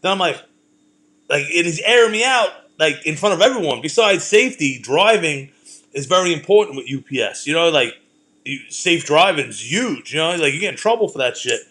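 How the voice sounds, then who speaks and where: A man's voice: fairly high pitch, lively intonation, normal speed, bright, forceful tone. A middle-aged man, ranting in a profane, rambling way as he hosts a casual talk show. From Brooklyn, New York. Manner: profane, rambling, heated storytelling. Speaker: podcast host.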